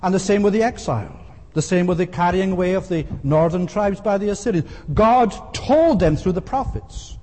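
A man preaching a sermon earnestly and emphatically, often pausing with "uh" as he explains. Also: high voice, expressive, dark tone. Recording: long hall reverb.

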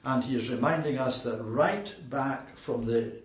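Man preaching in a roomy echo. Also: medium pitch. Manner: deliberate, with frequent "uh" pauses. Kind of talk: expository sermon.

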